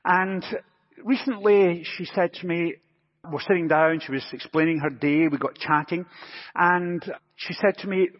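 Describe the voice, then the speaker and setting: Pastor, male, a touch high in pitch, husky, in a dull recording with a long church echo. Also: steady tone, a little slow. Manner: anecdotal, gently humorous storytelling. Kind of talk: sermon.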